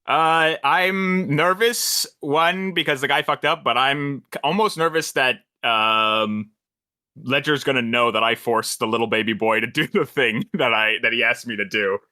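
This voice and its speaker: A man plays in a tabletop game and chats in a relaxed, easy way. His tone is bright and forceful, at an ordinary middle pitch. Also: unhurried. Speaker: player. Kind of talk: casual game talk.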